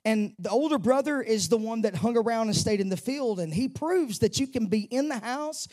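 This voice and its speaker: A man's voice: very high-pitched, animated, normal speed, darkish tone. Man preaching with rising emphasis. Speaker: pastor. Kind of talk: sermon. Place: church sanctuary.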